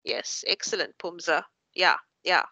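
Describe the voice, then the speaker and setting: A woman's voice: lowish voice, steady tone, sharp tone, dry recording, lo-fi sound. A woman tutor giving patient, encouraging feedback to students in an online class. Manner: encouraging, patient, explains slowly. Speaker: university tutor.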